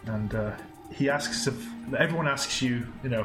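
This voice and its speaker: A man's voice: mid-range voice, normal speed, echoey room, music in the background. A man from England with a British accent, telling a rambling story on a podcast, with many restarts and frequent laughs. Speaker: podcast co-host. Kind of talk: casual podcast chat.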